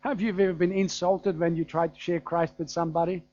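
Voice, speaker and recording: A man with a German accent delivers a sermon in a chatty, storytelling manner, dotted with fillers and small chuckles. His voice sits a little high for a man. The recording is dry and dull, with no room sound and a muffled top end. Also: flat delivery, brisk, darkish tone, no echo. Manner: conversational and anecdotal, with frequent fillers and chuckles. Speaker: preacher.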